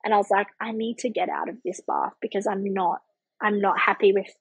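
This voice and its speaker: Podcast guest, woman, 30s, breathy, higher voice, vivid storyteller, dry close sound. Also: brisk, dry recording, poor audio. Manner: animated, vivid retelling with many fillers and acted-out thoughts. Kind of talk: personal storytelling in a casual chat.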